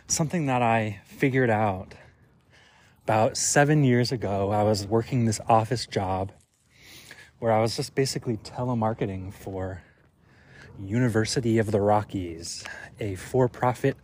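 Fairly low and darkish in tone, this podcast host speaks at a measured pace and pauses often. Alone and recording outside during a walk, he thinks aloud in a reflective, musing monologue packed with fillers.

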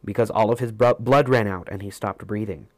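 A man voicing a flat, literal alien tribesman. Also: fairly low pitch, fairly quick, dry recording, close to an everyday voice.

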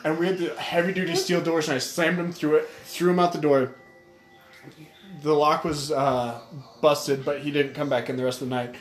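A man with a fairly high voice tells a crude, joking story in casual podcast chat. His voice bounces around an echoey room. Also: steady tone, normal speed, soft background music. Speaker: podcast co-host.

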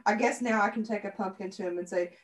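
A woman's voice: mid-range voice, quick pace. Middle-aged woman, echoey room. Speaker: podcast co-host. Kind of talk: casual chat.

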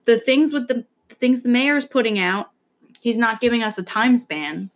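This podcast co-host is a young woman from around New York with a fairly high voice and a moderate pace. She chats casually, rambling nervously and occasionally swearing.

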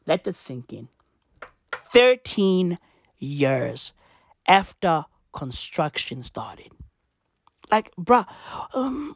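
Brief: South African woman, late twenties, exasperated vlogger, heavy swearing, repeats herself, slightly low pitch, dry recording. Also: dry recording. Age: 20s. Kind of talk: profane ranting monologue.

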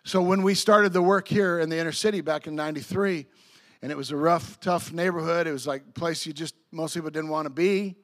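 High-voiced excitable storytelling pastor. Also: male voice. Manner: storytelling with acted-out quotes and laughter; excitable, many quick restarts. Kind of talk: sermon.

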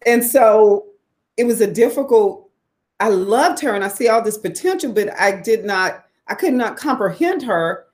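Speaking at a normal speed, this woman in her forties from the Southern United States shares her personal story openly. She swears without restraint, and her voice rises high when she wants to stress something.

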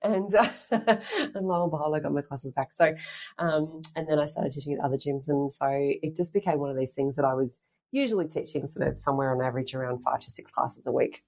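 Deep-voiced chatty woman storyteller. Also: a little fast, a little mellow. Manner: chatty, rambling storyteller with frequent fillers and restarts. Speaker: guest, fitness instructor and presenter. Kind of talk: casual interview chat.

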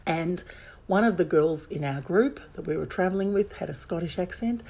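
A woman with a slightly low, mellow voice and a soft husky edge tells a personal story to camera. She talks candidly and with emphasis, looping back and restarting sentences as the thoughts come. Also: moderate pace.

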